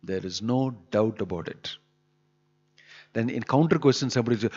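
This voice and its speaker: In a temple hall, a preacher with a fairly low, slightly rough and a little mellow voice speaks at normal speed. His sermon on scripture is emphatic, built around rhetorical questions, and the hall recording sounds dull and lo-fi with long reverb.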